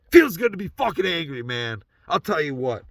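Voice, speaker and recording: A man in his thirties sitting in his pickup truck, ranting profanely in a monologue that swings from shouting to quiet reflection. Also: on the high side, creaky, dry recording. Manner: swearing, often shouting, then quiet and reflective. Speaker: podcast host.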